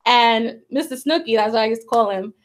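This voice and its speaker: A talk show host who also works as a psychic medium tells a personal story in a casual, chatty way, her voice fairly quick and on the high side. She leans heavily on "like" and "you know" and acts out the voices she quotes.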